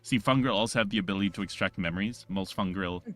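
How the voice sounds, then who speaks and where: A man narrating a tabletop game as game master, rambling and halting with many restarts. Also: deep voice, a bit bright, dry recording.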